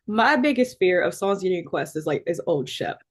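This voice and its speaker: A woman's voice: fairly low pitch, brisk, husky. A woman hosting a podcast who also performs a famous singer's songs, chatting casually, often saying "like" and laughing. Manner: lively, laughs, uses filler "like".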